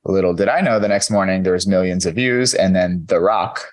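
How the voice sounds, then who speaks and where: This interview features a podcast guest in his thirties, also a keynote speaker, whose deep voice moves at a brisk pace. He narrates his life story earnestly and frankly, with many fillers such as "you know."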